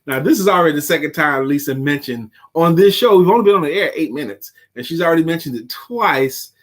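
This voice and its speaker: A man's voice: a little high, fast. A middle-aged man co-hosting a casual chat show, teasing and joking with his co-host. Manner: playful teasing, animated. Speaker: podcast co-host.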